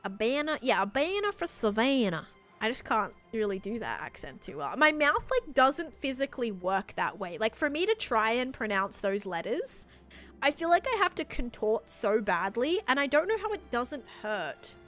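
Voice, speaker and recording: A woman's voice: a little high, sing-song, moderate pace, a bit bright. A woman chatting casually and bubbly on a live stream while playing, thanking her viewers. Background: faint background music.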